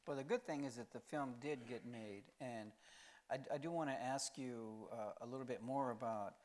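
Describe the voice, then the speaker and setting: A man's voice: mid-range voice, normal speed, darkish tone. A man moderating a post-screening discussion, asking long and thoughtful questions. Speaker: interviewer, academic moderator.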